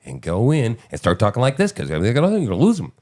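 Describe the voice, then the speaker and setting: A man's voice: lowish voice, huge pitch swings, fast talker, a little mellow. A man hosting a podcast in a casual, sarcastic, incredulous commentary style. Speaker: podcast host.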